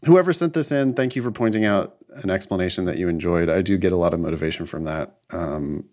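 A young man talking casually as a podcast co-host, relaxed and reflective, often laughing as he talks. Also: low voice, quick pace. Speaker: podcast co-host, LSAT tutor. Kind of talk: casual chat.

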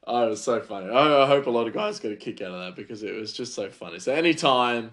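A man's voice: mid-range voice, animated, fast talker, fairly bright tone. A man hosting a podcast, telling stories in a chatty, rambling way full of fillers. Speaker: podcast host. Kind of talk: casual storytelling.

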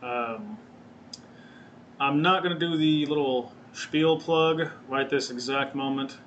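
A man's voice: fairly high pitch, takes it slowly, fairly bright tone, highs cut off, a little hiss or hum. A man hosting his own podcast, chatting casually in a rambling, profane way and often correcting himself. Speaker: podcast host. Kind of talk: casual solo podcast chat. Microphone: webcam or desk mic, seen on video.

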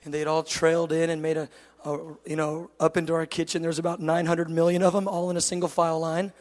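A male preacher telling a humorous sermon story, animated and jokey, acting out the dialogue himself. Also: a little high, quick pace, big-room sound.

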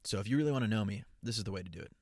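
A young man hosting his own podcast from inside a car, chatting casually in an energetic, profane, rambling way with lots of restarts. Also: on the low side, very fast, dry recording, clean studio sound. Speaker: podcast host and content creator. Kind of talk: casual solo podcast chat. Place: parked car.

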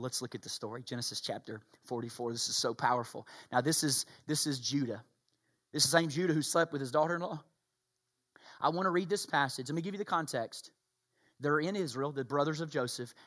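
A middle-aged man, preaching a sermon, swinging between quiet storytelling and loud, shouted passages. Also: fairly high pitch. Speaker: pastor.

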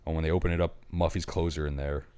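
A man's voice: very deep voice, little pitch movement, fast talker, mellow, smooth, no room sound. A man co-hosting a podcast, retelling a movie plot in loose, profane casual chat and acting out the characters' lines. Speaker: podcast co-host.

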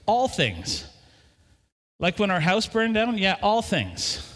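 Middle-aged man, pastor mid-sermon, lively swooping delivery in a reverberant church. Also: high voice, takes it slowly. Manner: animated, talks to the congregation with questions. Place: church hall. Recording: long hall reverb.

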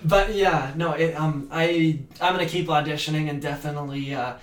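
A man's voice: on the high side, fairly even intonation, normal speed, far from the mic. A young man, a guest actor, rambling casually with many restarts and "like"s. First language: French. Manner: rambling, stammering restarts, frequent "like". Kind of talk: casual interview chat. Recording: roomy echo.

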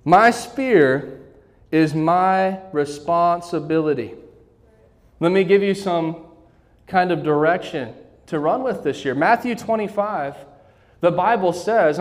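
A man preaching a sermon as pastor, calling on the congregation to repeat phrases back to him. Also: high voice. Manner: call-and-response preaching, asks congregation to repeat. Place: church sanctuary. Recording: church hall reverb.

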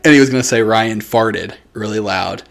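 A man's voice: on the low side, normal speed, creaky, a bit bright. A man telling childhood stories in casual podcast chat, swearing freely and laughing often.

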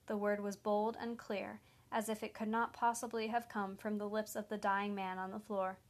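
A woman reads a story aloud in a steady storytelling voice. Her pitch is medium for a woman. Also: normal speed. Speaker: narrator. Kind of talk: audiobook story narration.

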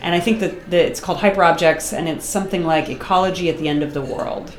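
Speaking as a guest artist in a relaxed interview, this middle-aged woman from Boston is animated, chatty, and laughs often. Her pitch runs low, and the space around her echoes.

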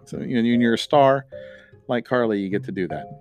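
A man's voice: mid-range voice, expressive, a little fast, darkish tone, soft background music. Rambling middle-aged male podcast host. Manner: rambling, filler-heavy, playful rhymes. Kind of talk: casual podcast outro.

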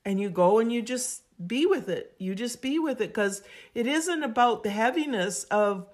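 A woman guest on a podcast, telling an animated, emphatic story and acting out voices as she goes. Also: on the high side, moderate pace. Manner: acts out quoted voices, expressive and emphatic.

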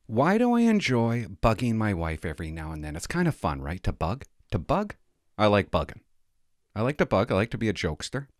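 Joking man, lively low voice. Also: a little fast, no room sound, clean studio sound. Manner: joking, self-mocking, rambling. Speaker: vlogger. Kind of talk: rambling comic storytelling to camera.

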